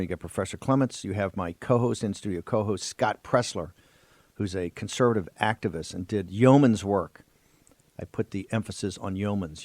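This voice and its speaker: A man's voice: fairly low pitch, darkish tone, no room sound. A man hosting a political talk radio show, speaking in sweeping, emphatic oratory from a studio. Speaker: host.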